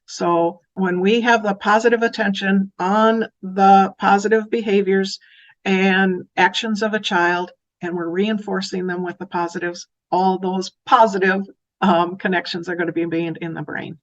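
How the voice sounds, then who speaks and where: Female educator, lesson delivery, mid pitch, slightly dull lo-fi recording. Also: measured pace. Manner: warm, animated when acting out phrases to children. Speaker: early childhood educator. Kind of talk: educational talk.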